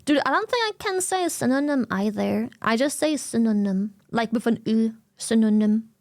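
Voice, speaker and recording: A woman with a German accent, a native German speaker chatting casually on stream in an animated, slangy way with plenty of swearing. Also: sits high, fairly quick, creaky, no room sound, studio quality.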